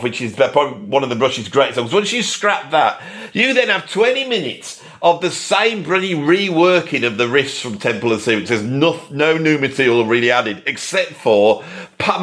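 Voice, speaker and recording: A man ranting sarcastically about music as a video host. His voice is bright and forceful, with a raised pitch that swings widely. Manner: sarcastic, exasperated.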